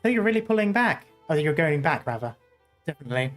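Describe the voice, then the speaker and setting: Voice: medium pitch, very animated, fast talker, a bit bright, soft background music. A streamer putting on a teasing senior officer.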